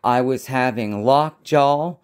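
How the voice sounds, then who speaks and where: A man's voice: mid-range voice, slow pace, clean tone. A man who works as a psychic medium, talking to camera in a rambling, casual vlog and often losing his train of thought.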